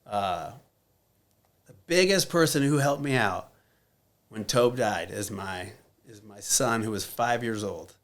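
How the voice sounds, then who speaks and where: A man's voice: lowish voice, lively intonation, slow, long pauses. A man in his thirties, a podcast guest, telling a personal story in a blunt, candid way, swearing often and using many fillers.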